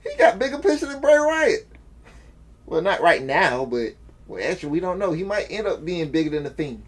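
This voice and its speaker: High-voiced animated man. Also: moderate pace. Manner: animated storyteller, trails off and restarts. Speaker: podcast co-host. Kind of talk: casual chat.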